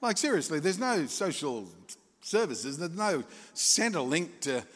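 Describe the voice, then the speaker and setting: Animated pastor in a reverberant hall. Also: male voice, fairly high pitch, a little slow. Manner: animated storytelling, acting out voices, chuckling asides. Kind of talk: sermon. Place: church hall.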